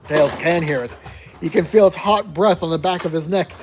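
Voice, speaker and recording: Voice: mid-range voice, moderate pace, slight background noise. A player reading a choose-your-own-adventure gamebook aloud, narrating evenly and making wry asides.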